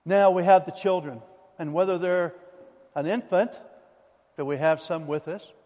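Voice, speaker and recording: Male pastor, sermon, emphatic folksy preacher, fairly high voice, long church-hall reverb. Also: normal speed, mellow, muffled recording. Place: church sanctuary.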